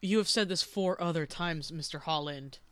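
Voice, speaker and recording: A woman's voice: low voice, normal speed, a bit bright, no echo. A woman co-hosting a podcast, chatting casually with giggly exasperation. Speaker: podcast co-host. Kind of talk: casual chat.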